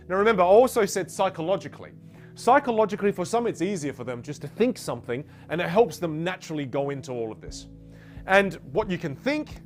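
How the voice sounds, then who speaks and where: A man teaching voice technique, explaining step by step. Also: fairly high pitch. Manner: explains step by step, demonstrates with sung syllables. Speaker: voice coach. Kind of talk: teaching to camera.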